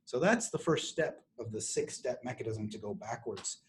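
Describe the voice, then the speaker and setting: A middle-aged man lecturing on chemistry to a university class. He explains step by step, restarting phrases and clearing his throat often. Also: medium pitch, lively intonation, normal speed. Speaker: chemistry professor.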